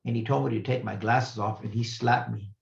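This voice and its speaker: A man's voice: medium pitch, steady tone, creaky. Older man giving an earnest, reflective talk. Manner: earnest, reflective, with pauses and restarts. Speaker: retired professor, guest speaker. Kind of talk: personal storytelling lecture. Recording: roomy, slightly muffled recording.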